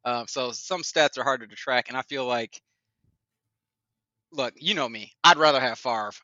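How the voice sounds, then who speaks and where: A man co-hosting a casual sports chat, lively and opinionated, laughing often. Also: mid-range voice, moderate pace, no room sound, lo-fi sound. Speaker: podcast co-host.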